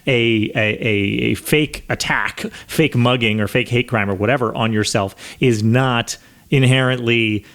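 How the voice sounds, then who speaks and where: A man's voice: medium pitch, fairly even intonation, unhurried, a bit bright. A man co-hosting a legal talk podcast, speaking earnestly and emphatically with frequent restarts. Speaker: podcast co-host, lawyer. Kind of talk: casual legal discussion.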